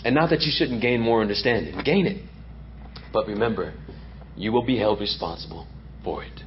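A man's voice: lowish voice, expressive, moderate pace, dull audio, a little hiss or hum. A man preaching a sermon as pastor, emphatic and repeating lines for effect.

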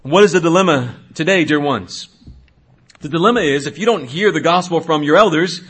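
Husky-voiced male pastor preaching. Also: fairly high pitch, animated, a little fast. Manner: swings from hushed asides to loud exhortation. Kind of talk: sermon.

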